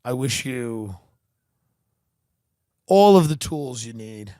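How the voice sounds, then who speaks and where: A man's voice: mid-range voice, expressive, slow pace, warm tone, dry recording, clean studio sound. A man hosting a comedy podcast, riffing in a profane, sarcastic, rambling monologue.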